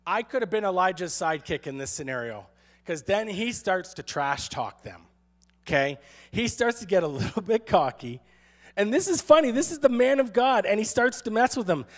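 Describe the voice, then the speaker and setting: A man's voice: high voice, expressive, moderate pace. A man who is a pastor, giving a sermon in a playful, sarcastic storytelling manner and acting out quotes.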